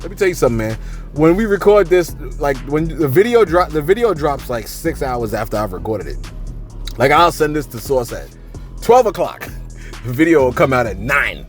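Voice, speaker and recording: Chatty male gossip host with a higher voice, loose rambling delivery, light music under him. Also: sing-song, normal speed. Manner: chatty, rambling, repeats "you see what I'm saying". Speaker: celebrity news host. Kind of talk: casual commentary.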